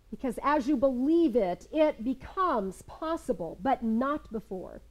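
An older woman minister giving a sermon to a seated congregation. She tells stories with lively energy, then slows into calm, measured guided prayer. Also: high voice, low-quality recording. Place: in front of a seated congregation in a room.

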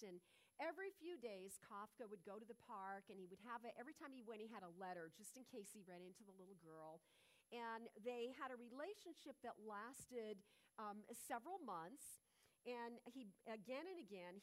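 A woman giving a spiritual talk and telling a story, meandering with frequent fillers and restarts. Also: medium pitch.

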